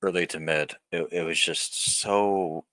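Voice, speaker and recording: A man's voice: low-pitched, fairly even intonation, a little slow, sharp tone, no echo. A man in his thirties talking to camera in a blunt, profane vlog rant that rambles and restarts. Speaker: vlogger. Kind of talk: candid personal vlog rant.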